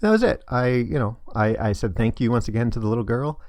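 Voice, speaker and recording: A man's voice: mid-range voice, big pitch swings, fast, a little mellow, no echo, clean studio sound. A middle-aged man casually telling a personal story on his vlog, hesitant and full of fillers. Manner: rambling, hesitant, many fillers. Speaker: vlogger.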